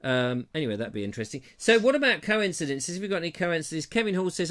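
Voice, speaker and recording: Rambling English man, lively up-and-down voice. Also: a little high, fast, few pauses. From England. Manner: rambling, self-deprecating, lively reading voice. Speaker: host of a live online show. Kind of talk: casual live-stream chat, reading viewer comments.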